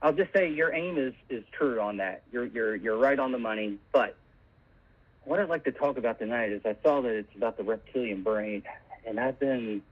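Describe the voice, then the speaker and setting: A man calling in to a comedy show, calmly and deadpan describing absurd things. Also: medium pitch, normal speed. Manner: calm, deadpan, matter-of-fact about absurd claims. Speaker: caller. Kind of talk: deadpan comedic call-in bit. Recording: tinny phone line.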